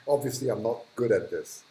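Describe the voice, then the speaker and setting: A man's voice: mid-range voice, warm tone, a little hiss or hum, rough recording. Chatty man hosting a live stream. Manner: chatty, thankful, with restarts and chuckles. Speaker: livestream host. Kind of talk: casual live-stream chat reading viewer comments. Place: hot humid room indoors.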